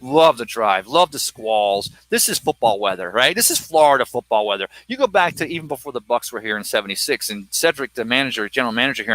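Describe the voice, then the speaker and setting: A man's voice: mid-range voice, sharp tone, no echo, poor audio. A man hosting a sports web show live from an outdoor bar deck in light rain, rambling casually about the weather and the coming broadcast. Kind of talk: casual live-stream commentary.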